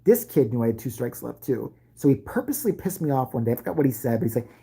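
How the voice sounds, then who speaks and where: Deep husky lady telling crude stories, dark mellow voice, laughs a lot, swings her pitch all over. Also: big pitch swings, fast. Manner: brash, profane, laughing through the story. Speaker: storyteller. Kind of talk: profane comic storytelling.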